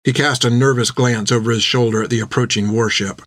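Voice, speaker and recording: A man's voice: medium pitch, fairly quick, hardly any pauses, dry recording. Man narrating a story in a dry close voice. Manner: steady, even storytelling. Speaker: audiobook narrator.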